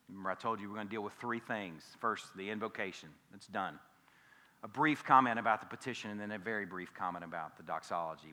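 A man preaching a sermon as pastor, emphatic, swinging between loud and hushed and repeating key phrases. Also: lowish voice, long reverb tail. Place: church sanctuary.

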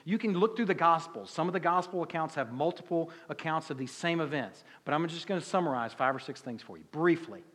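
A man's voice: on the high side, expressive, fairly quick, hardly any pauses, fairly bright tone, husky, long reverb tail. A man with a Southern US accent preaching a sermon as pastor, in a conversational, folksy way with many rhetorical questions. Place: church sanctuary.

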